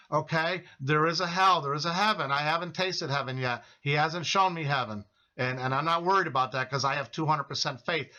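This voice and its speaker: A man's voice: on the high side, sharp tone, dull audio. A middle-aged man giving an earnest personal testimony to his viewers, emphatic and repetitive, calling them his friends. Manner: emphatic, repeats phrases, addresses viewers as friends.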